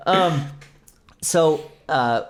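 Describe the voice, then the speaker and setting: A man's voice: on the high side, drawn-out words. A young adult man co-hosting a podcast, chatting casually and acting out the people in his story. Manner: animated storytelling, acts out quoted exchanges. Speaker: podcast co-host. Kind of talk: casual chat.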